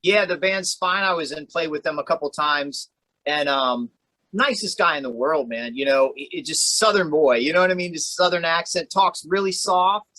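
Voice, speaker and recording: A man's voice: fairly high pitch, moderate pace, bright, forceful tone, rough recording. Laid-back rambling metal podcast guy. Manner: laid-back, rambling, swears freely, says "man" a lot. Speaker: podcast co-host. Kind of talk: casual chat.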